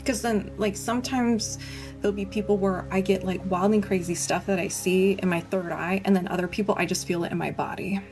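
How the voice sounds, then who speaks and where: A woman's voice: medium pitch, steady tone, fairly quick. Woman, Reiki healer, casual livestream host; loose and chatty, mid-range voice, music bed underneath. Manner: chatty and rambling, laughs often. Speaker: Reiki healer hosting a live session. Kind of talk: casual livestream chat, answering viewers. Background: soft background music.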